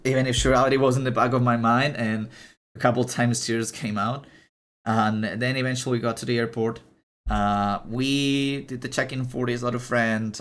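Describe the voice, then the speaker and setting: A young man in the middle of the usual pitch range talks casually to his live-stream audience. His storytelling is loose and halting, with frequent restarts and fillers, and he sounds emotional and confiding. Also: a bit bright.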